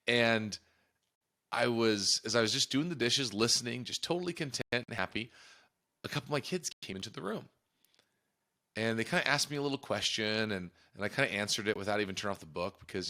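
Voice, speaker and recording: A man's voice: on the low side, bright, forceful tone. A man hosting a podcast, talking in an earnest, reflective way and often restarting or repeating his phrases. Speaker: podcast host. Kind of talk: casual reflective monologue.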